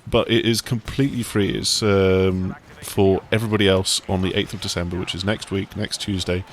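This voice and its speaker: A man's voice: low-pitched, steady tone, normal speed, slight background noise. A man hosting a casual video game chat, talking in a rambling, enthusiastic way. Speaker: gaming site host.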